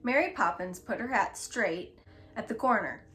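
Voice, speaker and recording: A woman reading a children's book aloud in a gentle, expressive storytelling manner. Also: mid-range voice, normal speed. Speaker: storybook reader.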